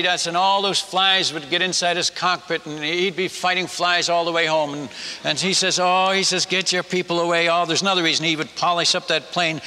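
A man, a missionary, telling a humorous story to a congregation in an animated, folksy way, chuckling at his own tales. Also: high voice. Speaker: missionary speaker. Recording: long reverb of a large hall.

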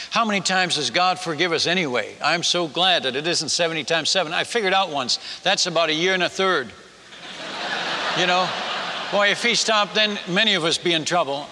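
An older man, a missionary preacher, telling a story in a sermon and acting out the people he quotes. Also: fairly high pitch. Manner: animated, acts out quoted villagers. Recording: reverberant hall.

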